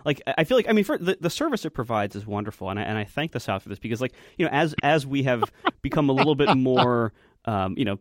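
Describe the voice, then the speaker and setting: A man's voice: mid-range voice, very animated, fast, no room sound, studio quality. A man co-hosting a podcast in casual chat, meandering and full of fillers, often laughing. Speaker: podcast co-host.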